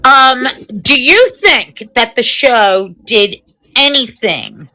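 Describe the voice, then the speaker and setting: Unhurried woman co-host asking questions. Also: fairly high pitch, animated, bright, forceful tone, rough recording. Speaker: podcast co-host. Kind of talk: interview questions.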